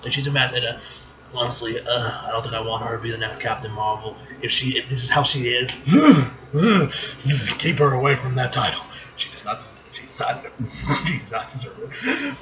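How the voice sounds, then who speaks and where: A man's voice: medium pitch, animated, normal speed. A young man casually reacting to a comic he reads aloud, blunt and profane. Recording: lo-fi recording with faint noise.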